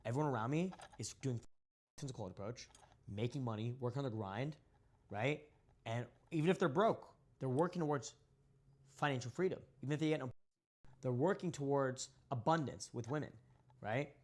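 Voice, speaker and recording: A man's voice: mid-range voice, brisk. A young man talking as a guest on a podcast, boastful, brash and profane. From Indian descent. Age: young adult. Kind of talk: casual podcast talk.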